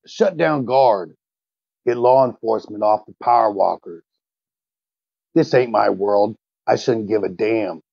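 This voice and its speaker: A man playing a gruff, gravelly hero. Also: medium pitch, no room sound, full character voice. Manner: gruff, clipped and resolute. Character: blunt determined male hero. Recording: dull, dry lo-fi mic.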